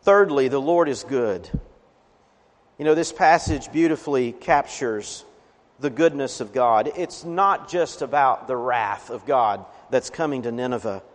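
A man's voice: medium pitch, measured pace. A man preaching a sermon as a pastor, earnest, swelling with emphasis on key words. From Appalachian region of the US. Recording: reverberant hall.

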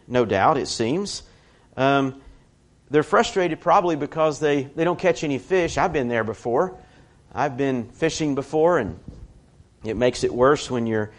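Man preaching a conversational sermon. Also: mid-range voice. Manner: conversational, animated storytelling with personal asides.

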